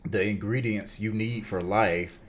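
A man's voice: lowish voice, steady tone, unhurried. A man co-hosting a casual podcast, hesitant and laughing easily. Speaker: podcast co-host. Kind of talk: casual chat.

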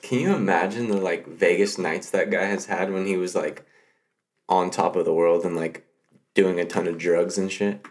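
A young man co-hosting a podcast who speaks in a fairly low voice. His chat is laid-back and rambling, full of filler words. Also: steady tone, normal speed. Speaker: podcast co-host. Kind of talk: casual chat.

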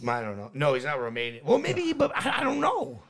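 Man, casual chat, gravelly, lively pitch, swears a lot. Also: a little fast, a little hiss or hum. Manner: animated, swears a lot, mimics people in jumpy voices.

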